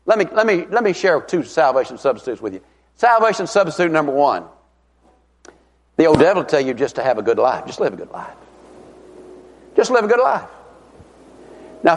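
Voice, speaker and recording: Emphatic preacher in a hall. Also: male voice, fairly high pitch. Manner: folksy, emphatic, drawn-out stresses. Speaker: evangelist preacher. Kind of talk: revival sermon. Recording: long reverb of a large hall.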